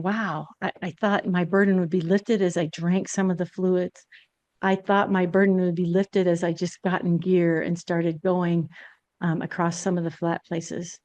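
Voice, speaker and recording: A woman's voice: on the low side, a little mellow, no echo. A woman podcast host telling a personal story in a candid, confessional way.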